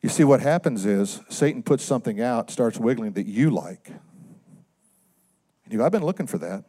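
A man preaching a sermon in a conversational way, often asking the congregation questions and swinging from loud emphatic lines to quiet low asides. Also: animated, moderate pace. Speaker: pastor.

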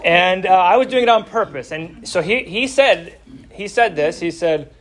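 A man's voice: high-pitched, lively intonation, normal speed, noisy background. A middle-aged man teaching an adult Bible class, telling a family story in a folksy way and stressing key words.

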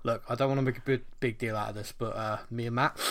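A man's voice: medium pitch, fairly even intonation, fast, a bit bright. A man from the of England hosts a casual podcast chat. He jokes at his own expense and laughs often as he talks. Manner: jokey, self-mocking, laughs often. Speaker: podcast host.

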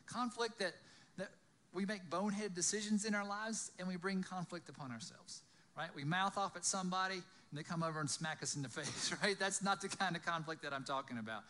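A man's voice: high voice, brisk, bright, forceful tone. A man preaching a sermon, retelling a scripture story and acting out its voices, often asking "right?". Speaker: pastor.

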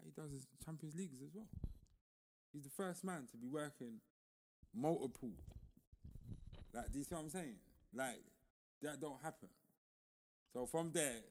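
A man co-hosting a podcast, chatting casually and telling loose, animated stories full of slang. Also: mid-range voice, normal speed, long pauses, a little hiss or hum. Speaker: podcast co-host. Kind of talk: casual chat.

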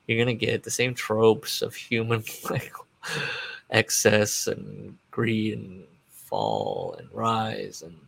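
Guy rambling on his own podcast, kinda gravelly, laughs at his own tangents. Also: on the low side, animated, takes it slowly, a bit bright, no echo. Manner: rambling and digressive, trails off and restarts; chuckles at his own asides. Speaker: podcast host. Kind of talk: casual solo podcast chat.

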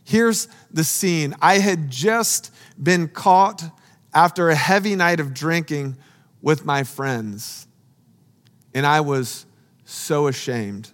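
A man preaching a sermon, speaking slowly and earnestly with emphatic, dramatic pauses. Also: on the high side, long reverb tail.

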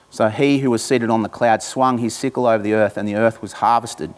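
A pastor preaching, reading scripture slowly and deliberately, then breaking into informal asides to the congregation. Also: male voice, fairly low pitch, steady tone.

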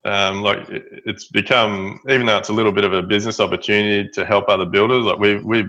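Halting Australian man, low bright voice. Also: steady tone. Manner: halting, many fillers and restarts. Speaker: guest, building business owner. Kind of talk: storytelling interview. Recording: dull lo-fi audio.

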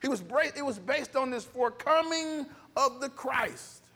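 A man's voice: extremely high pitch, lively intonation, moderate pace, sharp tone. A man with a scratchy voice preaching a sermon as pastor, calling out for responses from the congregation. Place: church hall. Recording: reverberant hall.

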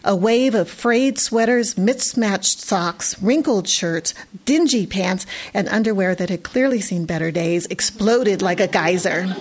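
Lively, expressive female audiobook narrator. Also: mid-range voice.

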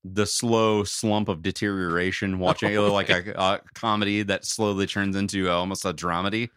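Low-voiced man in casual chat. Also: flat delivery, moderate pace, fairly bright tone, clean tone, no echo. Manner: rambling, frequent fillers. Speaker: podcast co-host. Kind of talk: casual chat recapping a cartoon.

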